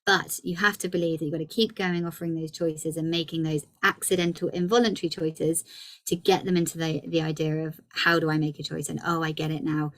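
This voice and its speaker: Low-pitched woman, 30s, upbeat workshop presenter coaching parents. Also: a little fast. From England. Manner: lively and encouraging, acts out child dialogue. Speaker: early communication practitioner.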